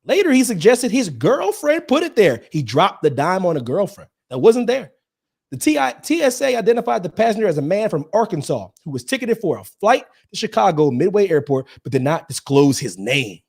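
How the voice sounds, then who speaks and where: A man co-hosting a casual podcast, his voice sitting a little high and swinging widely as he talks. He teases his friend, reads stories aloud and laughs often. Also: fairly quick, gravelly, husky. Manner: laughs often, teasing, animated delivery. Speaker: podcast co-host.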